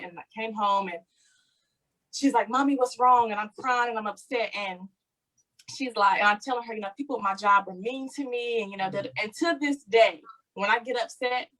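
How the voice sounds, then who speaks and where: A woman's voice: medium pitch, moderate pace, fairly bright tone, rough recording. A woman, host of a casual conversation, talking earnestly about parenting and searching for words at times.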